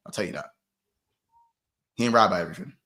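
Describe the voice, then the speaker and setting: Co-hosting a casual football chat, a man with a deep voice talks fast in a pushed, bright tone. His banter is emphatic and slangy, and he keeps repeating his points.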